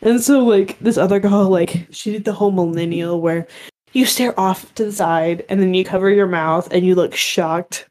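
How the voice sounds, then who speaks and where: A woman's voice: mid-range voice, normal speed, darkish tone. A young American woman co-hosting a podcast, telling stories in casual chat with swearing and laughter. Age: young adult. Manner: swearing storyteller, laughs into her lines. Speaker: podcast co-host.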